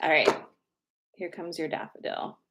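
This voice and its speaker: A woman in her thirties hosts a casual spiritual livestream in a lowish voice. She talks in a chatty, reassuring way and lets the odd swear word slip. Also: steady tone, moderate pace, lo-fi sound, heavy background noise. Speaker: spiritual reader and host.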